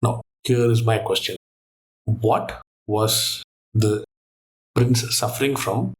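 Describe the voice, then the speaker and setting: A man guesting on a quiz show who thinks aloud and tells stories in an animated, casual way. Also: fairly low pitch, slow, a little hiss or hum.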